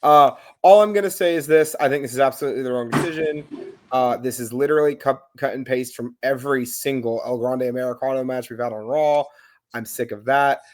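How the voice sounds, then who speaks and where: A man's voice: medium pitch, brisk. A man co-hosting a podcast, talking in a wry, conversational way and addressing people directly. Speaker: podcast co-host. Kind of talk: casual recap chat.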